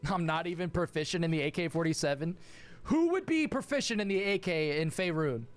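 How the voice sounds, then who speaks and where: Hoarse, lively young man streaming. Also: on the high side, brisk. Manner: profane, joking, self-mocking. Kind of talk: casual live gaming stream chat.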